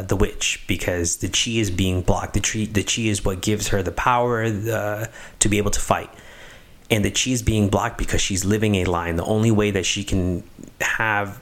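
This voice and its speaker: A man reflecting on the moral of a film, emphatic and lingering on key words, with halting restarts. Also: on the low side.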